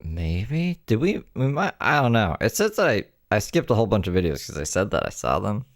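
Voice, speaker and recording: A man with a very deep, gravelly voice joins in from elsewhere. His pitch swoops up and down a lot, and he rambles in an unsure way with frequent restarts. His sound is dry, with no room in it. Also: very animated, a little fast, no room sound.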